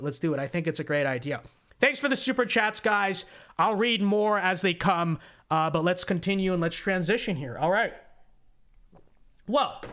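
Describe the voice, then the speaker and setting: A man's voice: high voice, pushed and bright. A man hosting a political livestream, reading viewer donations in a chatty, repetitive way and tagging lines with "okay?". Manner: chatty, repeats phrases, frequent "okay?" asides.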